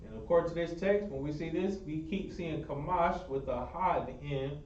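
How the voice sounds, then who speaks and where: A man's voice: a little high, moderate pace, a little mellow, a little hiss or hum. A man teaching a Hebrew language class, repeating his praise and encouraging students. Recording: echoey room, far mic, muffled.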